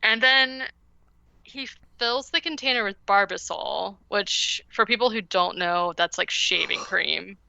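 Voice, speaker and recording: A woman's voice: medium pitch, measured pace, vocal fry, bright, forceful tone, dry recording, muffled recording. A woman podcast host casually recapping a movie, rambling with lots of "like" and "um". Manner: rambling, heavy use of "like" and "um".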